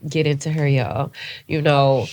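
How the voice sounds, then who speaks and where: A woman's voice: sits low, unhurried. A woman co-hosting a podcast, chatting casually and telling stories with lots of "like" and some swearing. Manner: animated storytelling, swearing, lots of "like" and "child". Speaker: podcast co-host. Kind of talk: casual chat.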